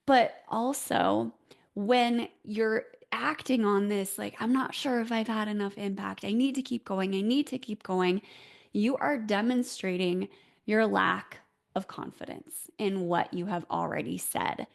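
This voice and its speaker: A woman hosting a solo advice talk, coaching listeners on how they speak with clear, deliberate explanations and emphatic rises. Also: medium pitch. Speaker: host, voice coach.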